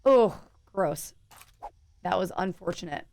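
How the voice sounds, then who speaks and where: A woman's voice: fairly low pitch, expressive, slow, vocal fry, darkish tone, slight background noise. A young woman streaming a game, chatting casually and answering her viewers as she plays. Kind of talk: casual live-stream chat while gaming.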